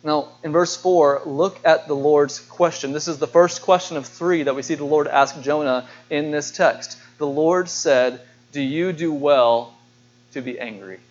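A male pastor delivering a sermon in a high voice. He is earnest and questioning and doubles back on his words. The sound is dull and lo-fi. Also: fairly even intonation, measured pace, hardly any pauses. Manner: earnest, asks the congregation questions, repeats words.

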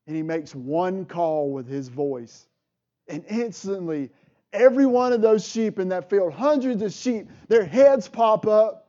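A man's voice: high voice, dark tone, highs cut off. A male pastor preaching a sermon, swelling with feeling as he builds his points. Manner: preaching with rising emotional swells.

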